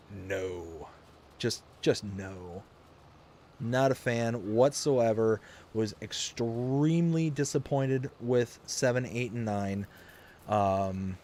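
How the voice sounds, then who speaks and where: A man's voice: mid-range voice, darkish tone. A man live-streaming a farming game from his home office, chatting casually in a rambling, jokey way and chuckling often. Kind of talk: casual chat while gaming.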